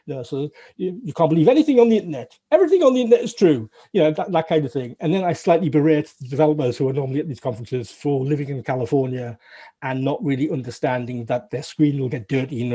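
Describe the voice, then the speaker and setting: Here a former games programmer, a middle-aged man with a Northern English accent, chats through his memories in a relaxed interview. He speaks at a medium pitch with a mellow, breathy voice, restarting often and poking fun at himself with dry wit.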